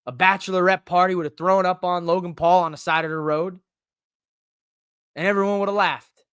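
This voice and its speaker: A man hosting a podcast, ranting casually about wrestling in an animated, profane, joking way. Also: high voice, brisk, clean tone, dry recording, studio quality. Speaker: podcast host. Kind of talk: casual wrestling recap rant.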